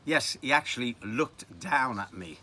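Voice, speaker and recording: Wry old Liverpool storyteller. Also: male voice, medium pitch, lively intonation, measured pace, bright, forceful tone. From Liverpool, England. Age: 70s. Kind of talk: reminiscing narration.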